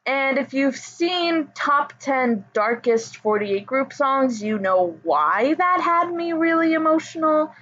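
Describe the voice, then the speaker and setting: A woman chatting casually as a pop music fan, rambling with fillers and soft laughs. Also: high-pitched, lively intonation, slow pace, few pauses. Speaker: idol fan commentator. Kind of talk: casual chat. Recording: dull lo-fi audio.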